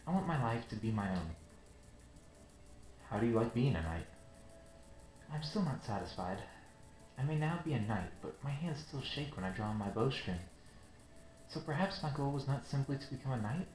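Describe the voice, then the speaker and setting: A man voicing an earnest, shy young female knight, soft-spoken, over game music in a roomy space. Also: mid-range voice, expressive, moderate pace, pauses often, natural voice.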